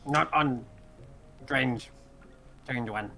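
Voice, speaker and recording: A man voicing a gruff male tribal creature chief who talks in broken, halting phrases, in a tabletop game. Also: mid-range voice, sharp tone, faint music behind, heavily acted. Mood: stern.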